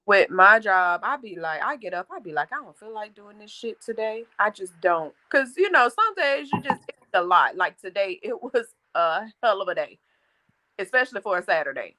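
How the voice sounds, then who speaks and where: Bright-voiced woman telling lively stories. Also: mid-range voice, moderate pace, poor audio. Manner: animated, frank, swears casually. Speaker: co-host. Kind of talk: casual storytelling chat.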